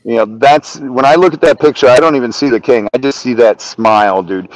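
A man's voice: mid-range voice, brisk, dry recording, low-quality recording. A man guest on a podcast, telling casual stories about a friend with swearing and laughter. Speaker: podcast guest, reptile keeper. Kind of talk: casual storytelling.

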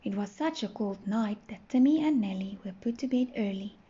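A woman teacher reading a storybook aloud to toddlers, gentle and clear. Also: mid-range voice, lively intonation. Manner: gentle, slow, clearly sounding out words. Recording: muffled, faint hiss.

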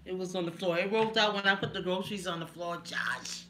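Talking fast in a fairly low, bright, forceful voice, this woman chats with viewers by name on a live stream from home, laughing between comments. A noticeable background hiss runs through the recording.

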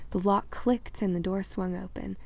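A woman reading a children's fantasy novel aloud, lively and correcting small slips as she goes. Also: medium pitch, normal speed, creaky. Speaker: audiobook reader. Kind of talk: storybook read-aloud narration.

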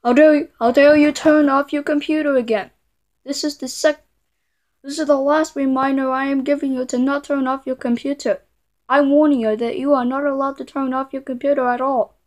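Girl doing a cranky computer error lady, high voice, keeps scolding and tripping over her words. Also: level tone, brisk, natural voice. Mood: angry scolding. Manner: scolding, repeated threats, stammering restarts. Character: scolding female computer error, quick-tempered and bossy.

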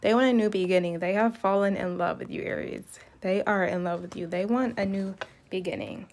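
A woman giving a casual, chatty tarot reading, emphatic and animated as she talks through the cards. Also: mid-range voice, brisk. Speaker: tarot reader.

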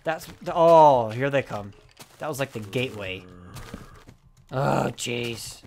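A woman hosting a let's play, giving excitable, frustrated gameplay commentary and yelling at the game. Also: rumbling low, slow pace, slight background noise.

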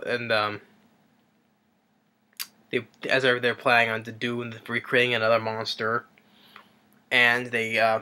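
A movie reviewer casually retells a film's plot in a rambling, hesitant way, full of fillers and restarts. His mid-range voice sounds bright and forceful.

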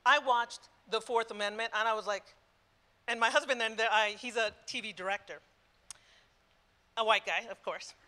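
A woman in her sixties speaks at a conference with a bright, forceful voice pitched a little high. She hammers her points through repetition and drops into Spanish phrases mid-sentence. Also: normal speed, long pauses. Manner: emphatic, repetitive, switching between English and Spanish. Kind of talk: passionate live talk. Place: conference room before an audience.

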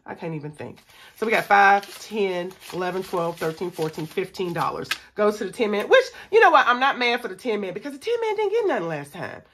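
Brief: young woman, bright and ringing voice, animated budgeting vlogger talking to "y'all". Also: medium pitch, fairly quick, slight background noise. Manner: chatty, animated, talks to viewers as y'all, counts money aloud. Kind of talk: casual chat to viewers while scratching off savings.

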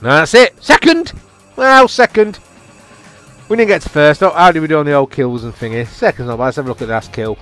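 A man giving live gameplay commentary, excitable and taunting his opponents, dropping to mutters and jumping to yelps. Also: fairly high pitch, racing, few pauses, soft background music. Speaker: gamer.

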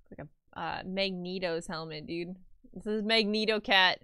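A woman streaming casually as she draws, excitable and swearing while chatting with viewers. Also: fairly low pitch, measured pace, clear, resonant tone, dry recording, clean studio sound. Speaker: live-streaming artist.

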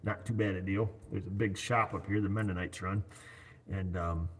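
A man's voice: sits low, steady tone, moderate pace, husky. A man in his forties hosting a casual livestream chat, rambling and joking as he talks into his computer. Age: 40s. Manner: rambling, jokey, chatty. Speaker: livestream host. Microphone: computer set up on his screen.

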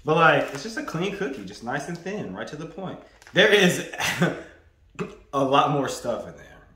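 This food reviewer hosts a casual snack-review vlog, standing indoors in a bare, echoey room. His pitch swings up and down in a lively way, though his pace stays measured, and he talks loosely and playfully, repeating his phrases.

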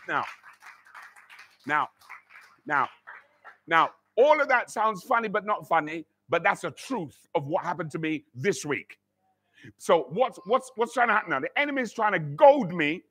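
A man preaches to his church, his voice sitting high in his range. He tells a personal story and acts out the voices in it, repeating words as he builds his point. The tone is bright and forceful. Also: animated, unhurried, pauses often. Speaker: pastor. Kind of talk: sermon.

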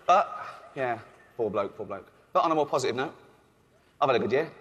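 English guy doing stand-up, chuckly and deadpan, lots of ums, noisy room behind. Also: mid-range voice, brisk, big-room sound, lo-fi sound. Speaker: stand-up comedian. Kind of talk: stand-up routine. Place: stage at a live charity event. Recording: noisy live venue.

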